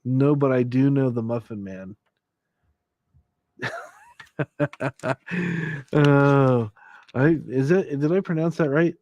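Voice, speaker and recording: A relaxed man hosts a late-night livestream, reading out song requests and laughing at himself. His voice is mellow and unhurried. He sits close in a dry room, with soft guitar in the background. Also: medium pitch, no room sound, dull audio. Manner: jokey, laughs often, reads chat requests aloud. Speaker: livestream host.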